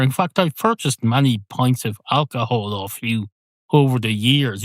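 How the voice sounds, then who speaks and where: A man's voice: mid-range voice, dry recording, studio quality, close to an everyday voice. A prickly talking cat, as a man puts him on. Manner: indignant, matter-of-fact. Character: prickly male talking cat, bar regular. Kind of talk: comic storytelling.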